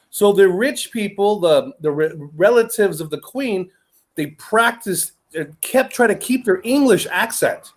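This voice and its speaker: A man with a Southern US accent, talking in an animated, rambling way in a casual chat. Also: high voice. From United States. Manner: animated, rambling, laughs between points.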